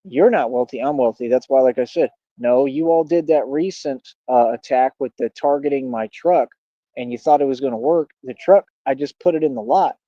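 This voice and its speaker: A man's voice: mid-range voice, normal speed, warm tone, no room sound, dull audio. A man hosting a livestream, combatively mocking and taunting a rival in a heated rant. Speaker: livestream host.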